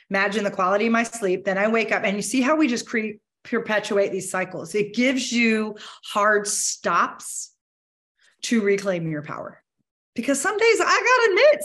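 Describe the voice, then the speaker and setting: Woman motivational speaker, high-ish voice, energetic and candid, casual delivery. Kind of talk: conversational keynote talk.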